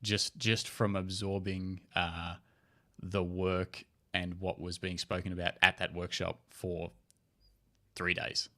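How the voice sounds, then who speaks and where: A man from New Zealand, a photographer guest on a podcast, chatting enthusiastically and repeating words when excited. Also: low-pitched, slow. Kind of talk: casual podcast chat.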